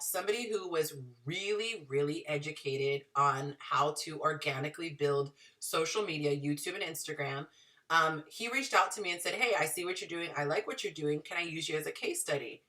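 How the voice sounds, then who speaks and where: A woman in her thirties telling her story to viewers in a chatty, animated way. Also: low voice, normal speed, recorded from a distance. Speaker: dating and relationship advice vlogger.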